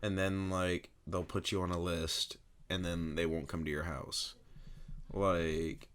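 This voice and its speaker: Deep-voiced young man, blunt and crude. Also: little pitch movement, slow pace, fairly bright tone. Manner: blunt, crude, swears a lot. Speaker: podcast co-host. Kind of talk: casual chat.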